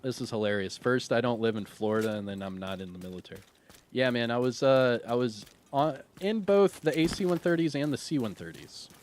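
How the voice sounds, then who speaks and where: A man's voice: mid-range voice, animated, brisk, a little mellow, slight background noise. A middle-aged man streaming live, chatting casually and reading viewer questions, laid-back and rambling with lots of fillers.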